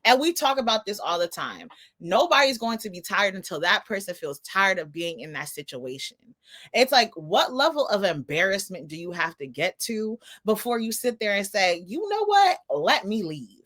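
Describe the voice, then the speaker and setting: A young woman co-hosts a casual chat podcast and tells stories with animated disbelief. Her bright, forceful voice swings widely in pitch while staying mid-range. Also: moderate pace. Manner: animated storytelling, laughing incredulity. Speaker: podcast co-host.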